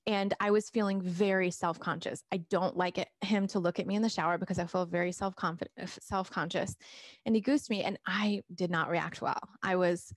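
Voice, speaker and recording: Speaking through a camera mic, a middle-aged weight loss coach talks informally to her live-stream audience, reading out comments and starting sentences over. Her pitch is fairly low and her tone steady at a normal speed, in a dry recording with clean studio sound.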